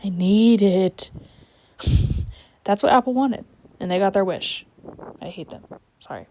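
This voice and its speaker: A woman's voice: medium pitch, expressive, measured pace, a little mellow, a little hiss or hum. A young woman vlogging while she paints in her yard, chatting playfully to herself with sudden whispered asides. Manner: rambling, playful, self-talking with sudden whispers. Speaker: art vlogger. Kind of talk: casual chat while painting outdoors. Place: backyard, outdoors.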